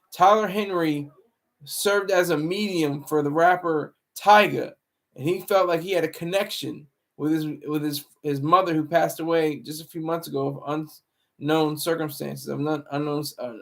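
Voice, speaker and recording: It's a casual commentary stream, seemingly recorded at home, and the man running it wanders through moralizing remarks, pausing to start words over. He sounds a little high-pitched, gravelly with fry, and a bit bright.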